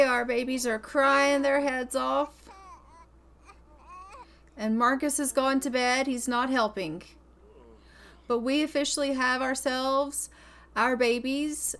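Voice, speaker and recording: A woman's voice: on the high side, a bit bright. Chatty woman narrating a game. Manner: chatty, voices her characters' thoughts in quick asides. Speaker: gaming video host. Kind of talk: casual gameplay commentary.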